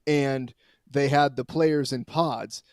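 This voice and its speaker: A man reporting as a guest on a sports talk show, telling a long story in a rambling, animated way with many restarts. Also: mid-range voice, slow pace, no echo, clean studio sound.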